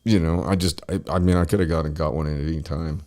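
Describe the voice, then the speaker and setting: Casting note: man, forties, very low voice, rambling and profane storyteller on a chat show. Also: steady tone, quick pace, dark tone. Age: 40s. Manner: rambling, profane, lots of fillers and restarts. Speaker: podcast host.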